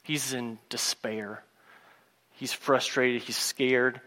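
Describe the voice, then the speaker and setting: A man preaching a sermon, retelling a story and acting out its characters' lines in a lively storytelling manner. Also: mid-range voice, slow, long reverb tail. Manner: storytelling, acts out voices of the characters.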